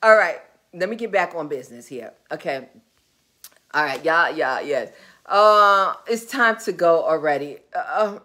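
A woman's voice: medium pitch, sing-song, moderate pace, pushed and bright. A woman with a New York accent hosting a live business Q&A, chatty and digressive, talking straight to viewers. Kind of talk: casual live-stream chat. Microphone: webcam or phone on a live video stream.

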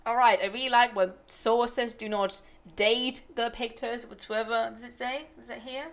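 A young woman whose first language is not English, ranting on a live stream in an animated, exasperated way and thinking aloud. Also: a little high, normal speed, few pauses. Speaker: streamer and researcher. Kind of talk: casual ranting stream commentary.

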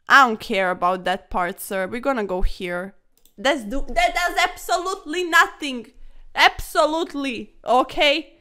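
A young woman narrates her own chess games to camera in a high, bright voice. She talks straight at her opponent, loud and exasperated one moment and muttering in defeat the next. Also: animated, a little slow. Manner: talks to her opponent, calling him sir, swings from yelling to muttering; loud and exasperated, then low and deflated. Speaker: chess streamer. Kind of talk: frustrated chess commentary to camera.

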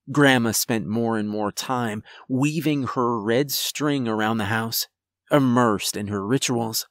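A man narrating a first-person horror story in a measured, somber manner. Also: mid-range voice, no echo, studio quality.

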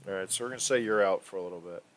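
A man's voice: sits low, very fast, a bit bright. A man narrating as game master in a casual, profane, teasing way.

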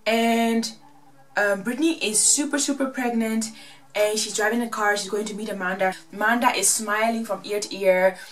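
A woman recapping a reality show in a casual, gossipy, animated way. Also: medium pitch, moderate pace, distant mic, faint music behind. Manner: gossipy, animated, acts out quotes.

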